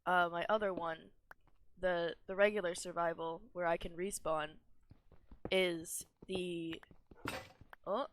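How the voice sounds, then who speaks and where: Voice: mid-range voice, level tone, takes it slowly, long pauses, a bit bright, slight background noise. A young adult streamer giving casual, rambling gameplay commentary, self-deprecating and often laughing. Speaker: gaming streamer.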